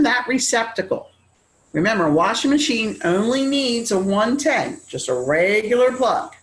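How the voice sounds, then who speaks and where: A woman giving a real estate training lecture, animated and acting out quick bits of dialogue. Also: medium pitch, echoey room. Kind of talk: classroom lecture.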